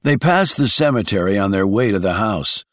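A man narrating an audiobook thriller as scripted, expressive storytelling. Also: on the low side, moderate pace, no echo, clean studio sound.

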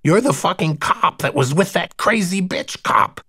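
A male narrator voicing a frightened, furious captive man whose voice is raspy and half ruined. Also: huge pitch swings, takes it slowly, no echo, studio quality, full character voice. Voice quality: raspy, strained. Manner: shouting abuse, high and ragged.

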